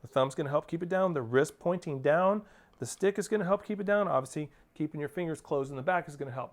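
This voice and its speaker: Man coaching drum rudiments. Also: on the high side. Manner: coaching, counts off and sings rhythms as syllables. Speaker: percussion teacher. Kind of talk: instructional drum lesson. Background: percussion playing.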